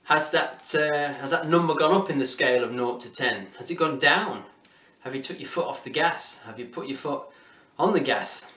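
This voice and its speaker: A man's voice: on the high side, animated, moderate pace, few pauses, sharp tone, recorded from a distance. Encouraging male fitness instructor, echoey room. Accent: English. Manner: encouraging, counting down reps. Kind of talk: home workout class instruction.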